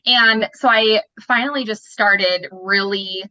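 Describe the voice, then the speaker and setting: A woman's voice: mid-range voice, a little slow, bright, forceful tone, lo-fi sound. A young woman telling her personal story as an interview guest, candid and emotional, often restarting her sentences.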